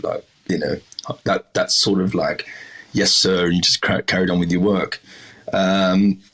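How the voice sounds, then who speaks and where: This Australian chef has a low, husky voice with a slightly bright edge. He's a guest on a podcast, telling stories in a casual interview. His talk wanders, packed with fillers and false starts, and he's quick to put himself down.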